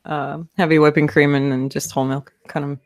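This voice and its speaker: A woman chats casually on a podcast call, soft-spoken. Her voice is low for a woman. The sound is dry and close. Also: level tone, a little fast, no echo. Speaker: podcast guest. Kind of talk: casual chat.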